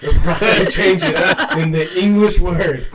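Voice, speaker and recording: Wisecracking high-voiced man, distant and noisy. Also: takes it slowly. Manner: wisecracking, crude. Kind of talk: casual chat. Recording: distant mic with clear background noise.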